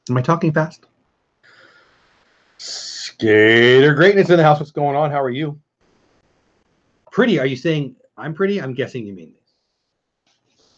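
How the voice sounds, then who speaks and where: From his home in California, a middle-aged man hosts a laid-back late-night livestream, his mid-range voice husky and a touch breathy. He drifts from story to story, reading chat comments and greeting viewers by name. The audio comes across somewhat dull and lo-fi.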